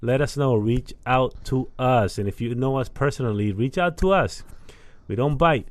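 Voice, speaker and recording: A man's voice: medium pitch, moderate pace, dry recording. A young man co-hosting a podcast in loose, rambling casual chat, often repeating himself. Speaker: podcast co-host.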